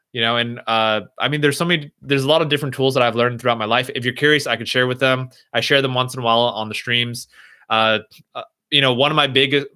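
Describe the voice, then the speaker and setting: A young man answering viewers' questions on a live stream, speaking gently and reassuringly, thinking aloud as he goes. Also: mid-range voice, fairly even intonation, quick pace, clean tone.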